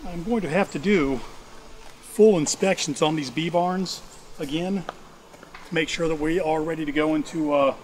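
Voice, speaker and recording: Working through his beehives outside, a man with a blended Georgia-Ohio accent narrates casually, thinking out loud. He speaks at normal speed in a fairly high, darkish-toned voice, and bee buzz and outdoor sounds fill the noisy recording.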